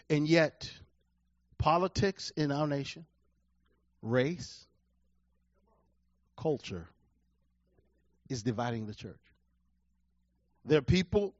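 A pastor with a high-pitched male voice preaches with force, repeating his points and rising from hushed to loud. The sound is dry, with no room echo, and slightly dull and muffled. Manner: emphatic preaching, repeats key phrases, swings from quiet to loud. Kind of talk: sermon.

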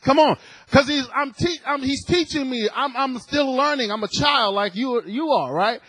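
A man in his fifties preaching a sermon, emphatic, repeating his words and rising at times to shouts. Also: very high-pitched, moderate pace, slightly rough, no echo. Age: 50s.

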